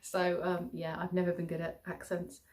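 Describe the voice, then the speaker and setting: A woman's voice: fairly low pitch, monotone, moderate pace. A middle-aged English woman chatting casually to her viewers in a rambling vlog sign-off. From England. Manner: chatty, rambling, warm-hearted, chuckling. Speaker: childminder and vlogger.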